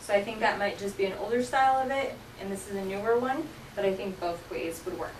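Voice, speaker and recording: A woman's voice: medium pitch, fast talker, recorded from a distance. A woman teaching a sign language class, explaining vocabulary patiently and checking in with her students often. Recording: roomy classroom from afar, faint noise.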